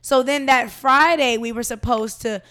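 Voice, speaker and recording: A young woman tells a long story in relaxed, casual chat, acting out the lines of the people involved. Her voice sits high and sounds bright and clear. The delivery is animated. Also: moderate pace. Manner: animated storyteller, acts out quotes. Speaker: podcast co-host telling a story.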